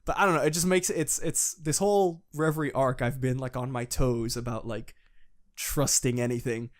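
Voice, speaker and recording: An excitable man chatting on a podcast, swearing freely and jumping into quick impressions of characters. His voice sits at an ordinary middle pitch. He talks in a loose, rambling way, full of fillers. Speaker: podcast co-host. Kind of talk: casual chat.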